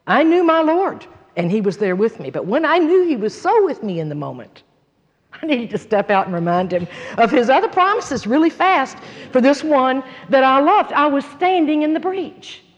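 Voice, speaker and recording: A woman's voice: high-pitched, big pitch swings, normal speed, muffled recording. Earnest woman preaching in a reverberant hall. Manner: earnest and emphatic, shifting between loud conviction and hushed retelling. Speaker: Bible teacher. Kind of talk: sermon.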